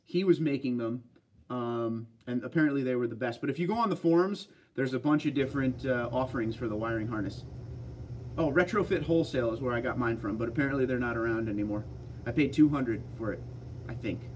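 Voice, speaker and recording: Relaxed man hosting a chat livestream. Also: medium pitch, fast talker, far from the mic, a little hiss or hum. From Pennsylvania. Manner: relaxed, chatty, reads viewer comments aloud. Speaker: livestream host reading chat. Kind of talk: casual live chat.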